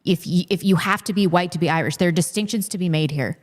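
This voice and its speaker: A woman hosting a casual political talk show, animated and full of fillers. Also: fairly low pitch, fast talker, long reverb tail. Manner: animated, laughs often, many fillers. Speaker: podcast host.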